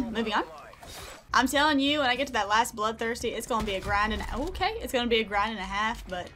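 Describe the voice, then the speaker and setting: A young woman giving giggly, excitable commentary while playing a video game. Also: a little high, fast, a little hiss or hum. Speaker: gaming streamer. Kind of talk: live gameplay commentary.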